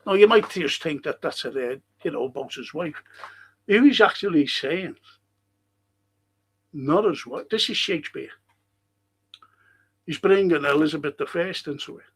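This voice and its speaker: A man hosting a talk show, giving an impassioned monologue and reciting verse with slow, emphatic delivery and dramatic pauses. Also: a little high, animated, breathy edge. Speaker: radio show host.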